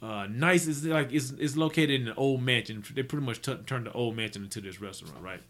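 Speaking fairly quickly in a medium-pitched, slightly bright voice, a man shares anecdotes about his business career. His casual, rambling telling is packed with fillers and restarts.

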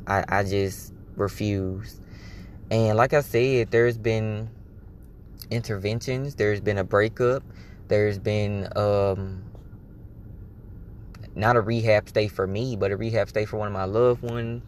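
A man's voice: fairly low pitch, normal speed, a little hiss or hum. A man hosting his own podcast, talking candidly and casually about his life, swearing freely and acting out what he told himself. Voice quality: candid, swears freely, animated self-quoting. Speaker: podcast host. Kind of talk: casual personal monologue.

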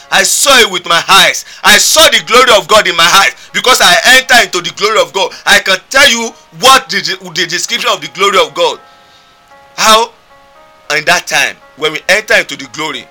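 Nigerian male pastor, emphatic repetitive sermon delivery, sharp bright tone. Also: high-pitched. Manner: fervent, emphatic, repetitive preaching. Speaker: preacher.

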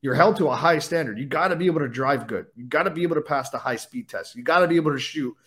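Fast-talking blunt man, profane. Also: on the high side, a bit bright. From California. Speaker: podcast guest, former highway patrol officer. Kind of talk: casual interview talk.

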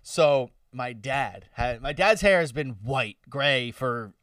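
A man's voice: mid-range voice, lively intonation, takes it slowly, a bit bright, dry recording, studio quality, far from the mic. A man in his twenties co-hosting a podcast, chatting casually and telling loose, profane stories with frequent laughs. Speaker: podcast co-host. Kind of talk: casual chat.

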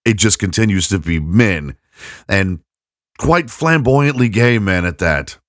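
A man's voice: on the low side, expressive, measured pace, a bit bright, dry recording, studio quality. A middle-aged man hosting a podcast, rambling through a funny story and laughing at himself. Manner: rambling, self-mocking, laughing at his own story. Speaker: podcast host. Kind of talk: casual storytelling monologue.

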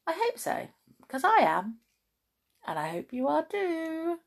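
A woman's voice: very high voice, huge pitch swings, takes it slowly, gravelly, long pauses. A woman reading a children's storybook aloud with dramatic gasps, then chatting cheerfully to listeners.

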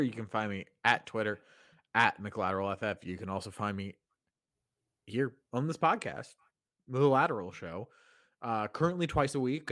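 A man's voice: lowish voice, fairly bright tone, no echo, studio quality. A man co-hosting a podcast in casual chat, laid-back and jokey, with frequent um and uh. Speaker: podcast co-host.

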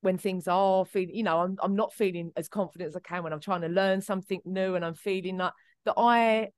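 Podcast co-host, female, lowish pitch, rambling chatty delivery, dry close sound. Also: steady tone, a little fast, dry recording. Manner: chatty, many fillers and restarts. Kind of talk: casual chat.

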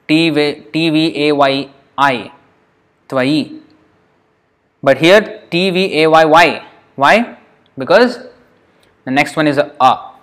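A man teaching a Sanskrit class, patiently spelling out words and repeating them slowly as he explains sandhi rules. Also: mid-range voice, a bit bright.

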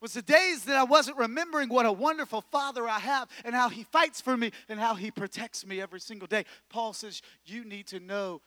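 High-voiced young man preaching with fire. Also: dry recording. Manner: energetic, building to shouts. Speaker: pastor. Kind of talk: sermon. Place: church.

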